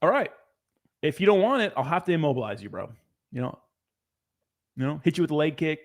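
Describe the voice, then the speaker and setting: A young male crypto livestreamer hosts a casual stream, reading viewer comments and joking around with lots of laughter and swearing. His voice runs on the high side with big pitch swings, and he talks fairly quickly.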